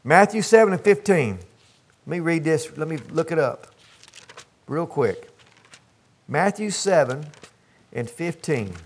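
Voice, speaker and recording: A man's voice: a little high, animated, unhurried, long pauses, breathy edge. An older man preaching a sermon from the pulpit, folksy and emphatic, calling out to the congregation for responses. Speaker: pastor. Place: church sanctuary.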